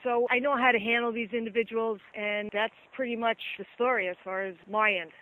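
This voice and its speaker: A woman's voice: fairly high pitch, steady tone, brisk. A woman police officer, a guest on a phone-in interview, recounting an incident in emphatic detail and quoting what people said. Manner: detailed, emphatic storytelling with quoted dialogue. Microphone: telephone. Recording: tinny phone line.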